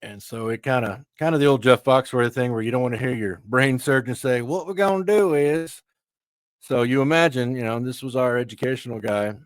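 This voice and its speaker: Man from Texas, Texan twang, easygoing storyteller, mid-pitched, dry close mic. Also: steady tone, quick pace, few pauses, no echo. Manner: easygoing storyteller, chatty asides. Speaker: guest, veteran and author. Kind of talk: casual conversational interview.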